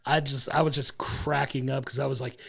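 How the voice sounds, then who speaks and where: A man's voice: mid-range voice, level tone, fairly quick, gravelly, a bit bright, slightly rough. A man co-hosting a podcast, chatting casually and enthusiastically about a film in long rambling sentences. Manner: enthusiastic, rambling, laughs along. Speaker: podcast co-host. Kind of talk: casual film review chat.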